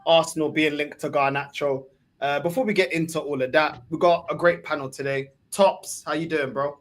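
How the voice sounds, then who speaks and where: A man hosting a casual football fan panel, with a voice that sits a touch high. He talks in a relaxed, slangy way and greets each guest warmly by name. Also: moderate pace. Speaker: podcast host.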